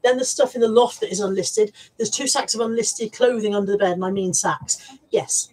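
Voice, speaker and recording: A woman's voice: mid-range voice, fairly quick, a little mellow, breathy edge, low-quality recording. A middle-aged woman chatting casually on a live stream, reading out viewer comments and talking about her resale stock. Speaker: vlogger and reseller.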